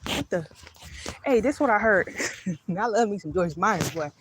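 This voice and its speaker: A woman vlogger with a mid-range, expressive voice talks at normal speed over a noisy background. She's live streaming on a handheld phone while out walking her dog at night, rambling casually and stopping now and then to call the dog.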